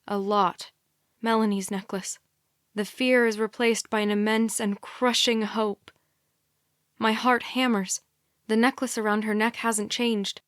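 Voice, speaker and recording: A woman narrating a young adult thriller audiobook in a quiet, measured first-person reading. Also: a little high, level tone, dry recording, studio quality. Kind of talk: scripted narration.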